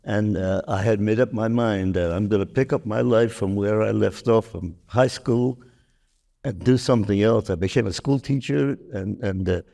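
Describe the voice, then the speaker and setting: Gravelly old guy in his 90s telling a story on stage, mellow, keeps restarting. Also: fairly low pitch. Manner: halting, with frequent restarts. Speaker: veteran guest.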